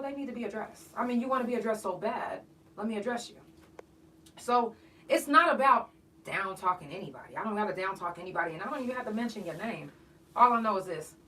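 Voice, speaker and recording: A woman's voice: medium pitch, fairly bright tone, a little hiss or hum. A woman hosting a podcast, ranting bluntly and profanely in an emphatic, outspoken monologue. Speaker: podcast host. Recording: voice a bit far from the mic.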